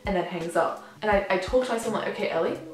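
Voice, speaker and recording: A woman's voice: mid-range voice, fast talker. A teenage girl recounts her story in a chatty, dramatic way, slipping into the voices of the people she quotes. Her voice rings around a very echoey room, with faint music underneath. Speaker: vlogger. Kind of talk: storytime vlog.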